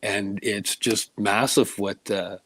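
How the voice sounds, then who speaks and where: A man's voice: fairly low pitch, fairly even intonation, slow pace, a bit bright, dry recording. A man chatting on a talk show as a guest who makes remedies, telling long stories with plenty of "uh" and "um". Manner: rambling storyteller with many fillers. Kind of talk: casual talk-show chat.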